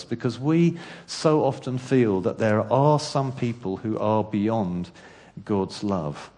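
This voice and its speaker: A man preaching as pastor in a church, calm at first, then building to loud emphatic lists with repeated words. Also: fairly low pitch, slow pace. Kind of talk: sermon. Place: church hall.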